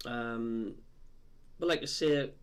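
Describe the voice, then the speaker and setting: A man's voice: mid-range voice, slow. A man with a Sunderland (Mackem) accent, streaming live as a football fan, reading out viewer comments in a blunt, frustrated, deflated way with lots of ums. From Sunderland, England.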